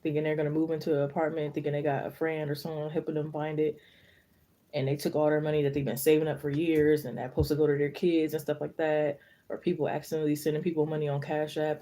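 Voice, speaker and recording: Mellow-voiced young woman chatting on a live stream. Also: low-pitched. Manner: rambling, chatty storytelling with many fillers. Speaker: tarot reader hosting a live stream. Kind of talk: casual live-stream chat.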